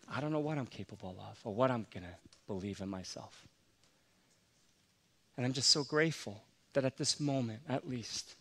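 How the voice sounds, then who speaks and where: A man's voice: mid-range voice, a bit bright. An earnest man preaching from the pulpit with a mid-range voice. He tells a personal story in a confessional, heartfelt way, and his emotion rises and falls as he goes. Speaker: pastor.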